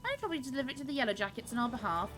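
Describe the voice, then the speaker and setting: A woman's voice: sits high, very animated, rapid-fire, music in the background, low-quality recording. A woman voicing a polite, fussy restaurant manager who speaks in a formal, genteel way, reading game dialogue aloud.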